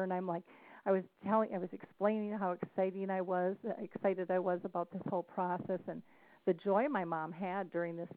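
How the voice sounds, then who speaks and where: A woman's voice: mid-range voice, no room sound. Earnest middle-aged woman on a phone line. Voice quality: earnest, storytelling delivery with restarts. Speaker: family caregiver and public speaker. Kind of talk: emotional podcast interview over the phone. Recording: tinny phone line, dry.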